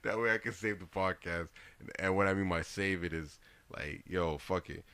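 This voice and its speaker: A man in his twenties, co-hosting a podcast in casual chat, loud and laughing as he tells stories. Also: deep voice, moderate pace, clean tone, no room sound. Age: 20s. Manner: loud, laughing, animated storytelling. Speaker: podcast co-host.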